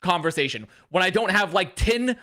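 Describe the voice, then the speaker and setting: A man with a high, bright voice co-hosts a casual podcast. He rants with animated energy and slips into mocking impressions of other people. He swears freely and speaks bluntly. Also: moderate pace. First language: English. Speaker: podcast co-host. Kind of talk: casual chat.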